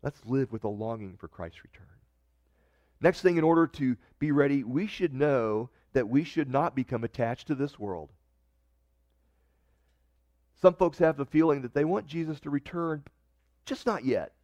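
A man's voice: mid-range voice, animated, moderate pace, long pauses, darkish tone, no room sound, highs cut off. A man preaching a sermon in a conversational way, reading scripture and often restarting his sentences. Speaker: pastor.

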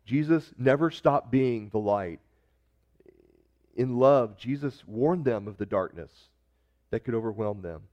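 A man preaching in a plain, mid-pitched voice, talking to his listeners as if in conversation. He acts out the scripture quotes, turning loud for one line and dropping low and soft for the next. The recording sounds slightly dull and muffled. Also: expressive, a little slow, long pauses. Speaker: pastor. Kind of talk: sermon.

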